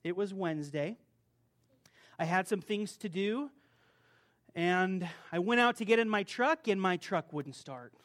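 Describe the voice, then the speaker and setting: A man's voice: high-pitched, unhurried, long pauses. Man preaching a chatty sermon. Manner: conversational, animated storytelling, acts out rude clerks. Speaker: pastor. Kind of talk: sermon with personal story.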